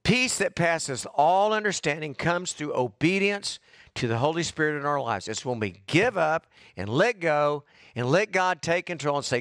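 A man's voice: a little high, expressive, normal speed, a bit bright, dry recording, clean studio sound. A middle-aged man, preaching a fervent, fired-up sermon as pastor.

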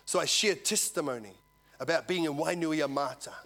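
A man preaching a sermon, telling a story and swinging from loud to hushed. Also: on the high side, normal speed. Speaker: visiting preacher.

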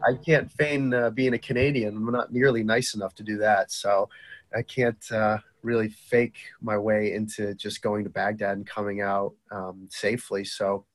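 A man in his thirties with a Boston accent, a guest telling stories in casual chat, lively and full of asides. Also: fairly low pitch, normal speed. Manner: lively storyteller who acts out quotes with filler-heavy asides.

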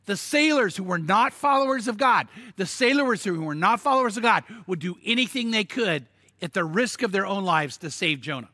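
A man preaching a sermon, telling the story in an animated way with stammered restarts and sudden emphatic bursts. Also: high voice, normal speed, no room sound, studio quality. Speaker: pastor.

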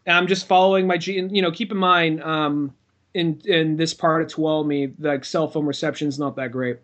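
Podcast co-host, male, high-pitched, rambling storyteller who loses words and swears. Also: fairly even intonation, moderate pace, a bit bright, muffled recording. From California. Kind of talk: casual chat.

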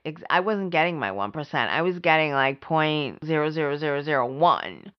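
A middle-aged woman hosting a podcast, telling a personal story in an emphatic way, repeating words for stress and swinging between high and low. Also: very animated, a little slow. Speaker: podcast host. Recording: slightly dull lo-fi audio.

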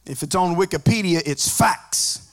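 A man preaching a sermon as a pastor, mixing joking asides with rising, shouted, sing-song preaching. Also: high-pitched, normal speed. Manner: conversational asides with humor.

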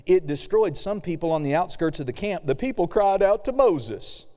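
A male pastor delivers a relaxed, conversational sermon, reading scripture and voicing the people's complaints for effect. His voice is mellow and sits a little high for a man. It carries the long reverb of a large hall. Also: normal speed. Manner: casual preaching with reading aloud and acted-out quotes.

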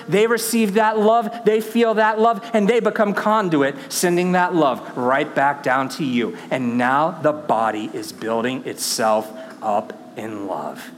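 A male pastor preaching a sermon, swinging between hushed, intimate lines and emphatic, rising passages. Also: sits high, long reverb tail. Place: church sanctuary.

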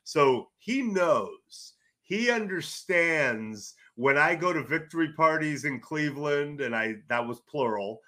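A middle-aged man from California talks loudly and eagerly as a podcast guest, restarting his sentences as the stories tumble out. His voice sits a little high and rings bright and forceful. He rambles between anecdotes in a casual, animated way. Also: slow. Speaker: sports journalist guest.

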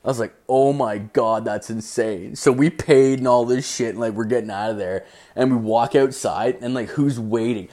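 A man's voice: mid-range voice, brisk, few pauses, mellow. A man in his thirties hosting a podcast, telling a long profane story in a rambling, crude way with constant filler words. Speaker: podcast host.

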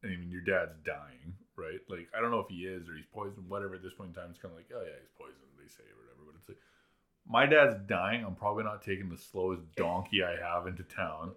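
Deep-voiced man chatting animatedly. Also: quick pace, few pauses. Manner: animated, acts out lines in put-on voices. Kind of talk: casual TV recap chat.

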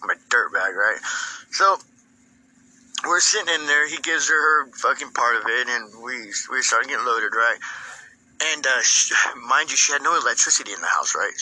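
Man, crude storytelling, very bright edgy tone, swears constantly, rambling. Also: medium pitch, rough recording. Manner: profane, rambling, constant "right?" tags.

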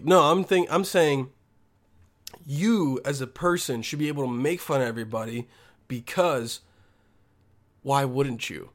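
A man talks alone in a rambling, foul-mouthed monologue, often losing his thread and starting over. He is blunt and combative, and his voice sits fairly high for a man. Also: unhurried. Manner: crude, rambling, loses his thread, heavy swearing.

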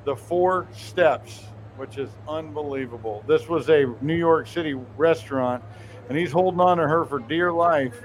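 A male talk show host with a somewhat high voice delivers political commentary in a mocking, sarcastic tone. He scoffs at the people he discusses and keeps talking straight to his listeners. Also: normal speed.

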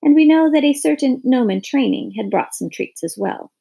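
A woman reading a children's storybook aloud in a gentle, unhurried narrating voice. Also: high voice, expressive, vocal fry, breathy edge.

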